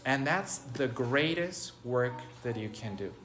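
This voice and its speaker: Halting man preaching a meditation. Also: mid-range voice, expressive, a bit bright, slight background noise. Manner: halting, with frequent restarts and rhetorical questions. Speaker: preacher giving a spiritual talk. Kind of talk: informal sermon, spoken meditation.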